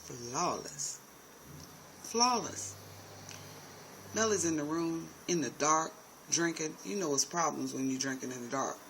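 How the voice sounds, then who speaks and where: Sassy high-voiced man recapping TV. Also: fairly quick, creaky, a bit bright, a little hiss or hum, rough recording. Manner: sassy, chatty, calls viewers honey and baby. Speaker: TV recap host. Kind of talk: casual TV recap commentary.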